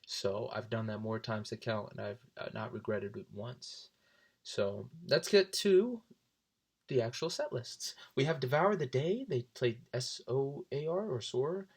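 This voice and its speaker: A young man in his twenties, casually telling stories, often jumping into high voices for people he quotes. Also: expressive, a little slow, husky. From South Jersey. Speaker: vlogger. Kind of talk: casual storytelling.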